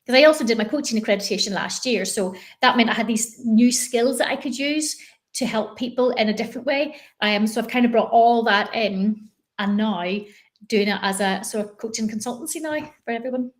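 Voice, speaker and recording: A woman from Northern Ireland with a Northern Irish accent, a business coach talking in a chatty, animated way as an interview guest. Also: fairly high pitch, a little fast. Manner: chatty, animated, many fillers and restarts. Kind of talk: conversational interview.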